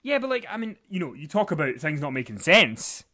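A man's voice: a little high, sing-song, fairly quick, pushed and bright. A man co-hosting a casual recap podcast, rambling and joking with plenty of fillers. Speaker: podcast co-host. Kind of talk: casual chat recapping wrestling.

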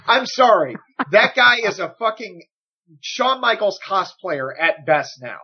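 Husky, animated podcast co-host. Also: male voice, sits high, a little slow, highs cut off. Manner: animated, swearing, joking. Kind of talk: casual chat.

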